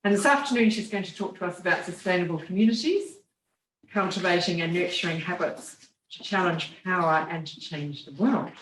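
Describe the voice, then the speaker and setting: Woman host, lower voice, introducing the speaker, a bit far off with faint noise. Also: fairly quick, fairly bright tone. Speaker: event host. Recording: echoey room, mic from a distance, faint noise.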